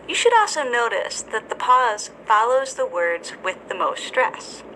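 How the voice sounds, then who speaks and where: A woman with a bright, clear voice delivers a scripted English lesson. She speaks slowly and deliberately, pronouncing every word with care, at a middle pitch, with a faint hiss of noise behind her. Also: low-quality recording. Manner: slow, deliberate, careful enunciation. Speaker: English teacher.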